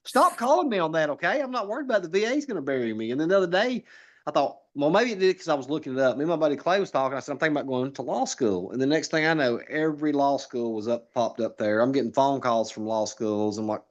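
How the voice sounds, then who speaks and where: A man's voice: mid-range voice, fast, dull audio. A man chatting casually on a podcast, telling rambling stories with lots of restarts and laughing at his own punchlines. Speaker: political candidate guest.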